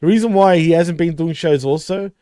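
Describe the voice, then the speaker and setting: A male podcast host with a voice sitting a little high for a man, recorded close and dry with no room sound. He is easygoing and chatty, throws in "dude", and reads comments from the live chat. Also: fairly quick, mellow, smooth, no room sound. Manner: laid-back, laughs often, says "dude", reads chat aloud.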